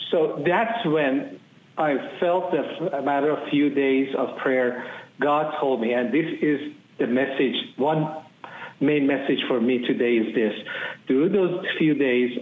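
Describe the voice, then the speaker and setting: A man's voice: medium pitch, slight background noise. A man from Iran, giving an earnest, emphatic personal testimony as an interview guest. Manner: earnest, emphatic, repeats phrases for weight. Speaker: ministry leader, interview guest. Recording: tinny phone-like audio in an echoey room.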